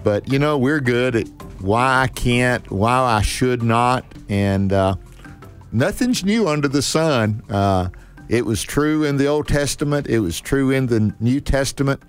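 A man's voice: medium pitch, animated, soft background music. Folksy older male radio host. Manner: folksy, unhurried, preacherly; repeats words as he restarts. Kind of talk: casual chat.

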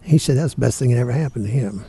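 An older man, a guest in an interview, telling family stories in a plainspoken, animated way. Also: medium pitch, very fast, breathy edge. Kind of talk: storytelling in an interview.

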